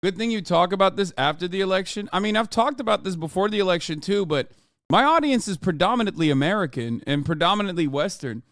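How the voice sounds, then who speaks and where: A sarcastic, foul-mouthed male streamer in his thirties, from Turkey and a native Turkish speaker, riffing on his chat. His voice sits a bit high, smooth and clear. The sound is dry and close, with no room around it. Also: lively intonation, fast talker, dry recording. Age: 30s. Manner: profane, sarcastic, laughs loudly at chat. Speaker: streamer and political commentator. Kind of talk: casual livestream commentary reading chat.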